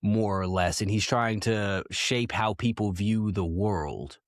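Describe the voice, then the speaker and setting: A man talking on a casual podcast in a fairly low voice that leaps upward whenever he drives a point home. He argues with animation and conviction. The sound is close and dry. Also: takes it slowly, dry recording. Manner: animated, argumentative, voice jumps high for emphasis. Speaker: podcast co-host.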